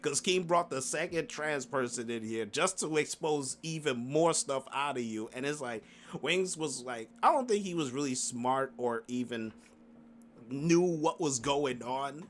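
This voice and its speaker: A man's voice: medium pitch, measured pace, slight background noise. Guy ranting about a stream he watched, laughs a lot, slangy and rambly, ordinary mid voice. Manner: loose and rambling, laughs often, animated retelling; frequent fillers and restarts, slangy. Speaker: commentary YouTuber. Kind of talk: casual stream recap commentary.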